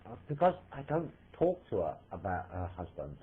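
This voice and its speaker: A man's voice: sits low, sing-song, normal speed, slightly rough. A man in a voice chat room, defensive and hesitant, rambling as he explains himself. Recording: tinny phone-like line.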